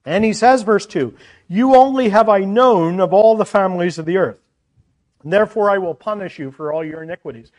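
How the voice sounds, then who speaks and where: A man's voice: sits high, moderate pace, darkish tone. A man preaching a sermon, teaching earnestly from scripture with chatty asides to the congregation.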